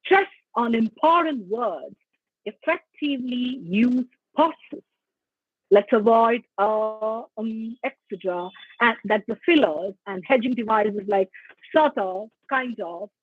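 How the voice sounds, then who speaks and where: A high, somewhat husky woman's voice, teaching an online session in an instructive, emphatic way. The recording is dull and lo-fi, with a dry, close sound. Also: unhurried, no echo. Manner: instructive, emphatic, sings scale examples. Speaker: lecturer. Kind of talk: online lecture on public speaking. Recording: dull lo-fi audio.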